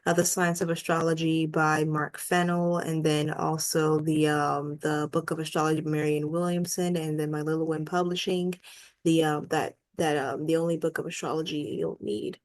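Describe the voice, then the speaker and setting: A young woman in her twenties teaches astrology casually, thinking aloud with plenty of ums and uhs. Her voice sits a little low and crackles with vocal fry, worn and hoarse as she loses it. She speaks through her laptop's built-in mic on a video call. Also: level tone, normal speed. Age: 20s. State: losing her voice. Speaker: astrologer host. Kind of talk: casual screen-share astrology lesson. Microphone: laptop built-in mic over a video call.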